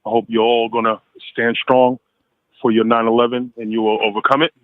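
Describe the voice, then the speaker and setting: A man's voice: medium pitch, flat delivery, fairly quick, dry recording. A man from Las Vegas calling into a talk radio show, emphatically listing his points, heard over a phone line. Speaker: caller. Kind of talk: call-in political rant.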